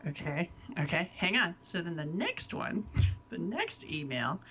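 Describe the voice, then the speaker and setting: A lively woman chatting on a live stream, laughing often as she talks. Her voice sits a little low for a woman. Faint room ambience hums behind her. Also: unhurried, a little hiss or hum, poor audio. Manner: laughs often, animated, loses her train of thought. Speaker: co-host. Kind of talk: casual chat.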